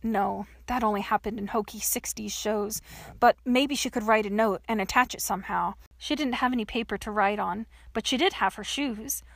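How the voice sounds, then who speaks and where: A woman narrating a novel with expressive, dramatic storytelling. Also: mid-range voice, moderate pace, vocal fry, no echo. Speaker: audiobook narrator. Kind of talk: scripted narration.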